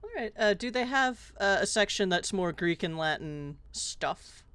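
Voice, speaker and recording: A woman talking animatedly as a player in a tabletop role-playing game, with quick asides and frequent laughter. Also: mid-range voice, animated, a bit bright, smooth. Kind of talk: casual tabletop role-play.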